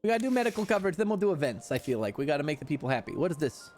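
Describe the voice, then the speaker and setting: Brief: young male streamer, bright high pitch, loud live game commentary with cursing, soft music underneath. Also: very fast. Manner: excitable, loud, swears a lot.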